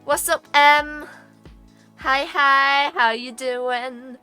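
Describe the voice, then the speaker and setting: A woman's voice: sits high, steady tone, extremely slow, pushed and bright, soft background music. A British woman co-hosting a streamed chat podcast, playful and teasing, laughing often. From Britain. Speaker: podcast co-host.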